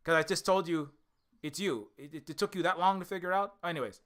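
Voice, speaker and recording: This is a furious direct-to-camera rant from a Hawaiian indie game developer, full of swearing and repetition. His voice is on the high side and a little fast, and his mood swings from shouting to tiredness.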